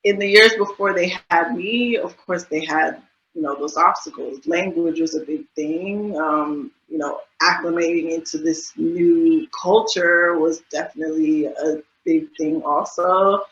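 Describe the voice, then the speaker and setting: A woman in her thirties from the USA talks in a bright, forceful voice that sits low, speaking casually as an interview guest. She chats freely with lots of fillers. The recording is dull and lo-fi with a roomy echo. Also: measured pace. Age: 30s. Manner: chatty, many fillers and laughs.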